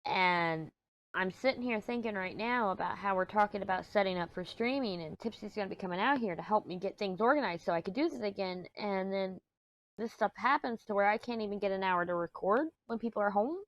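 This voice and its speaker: A woman's voice: medium pitch, brisk, muffled recording. A woman vlogger chatting casually from a small room at home, rambling and sounding agitated as she vents. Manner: rambling and agitated, venting frustration. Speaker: crafting vlogger.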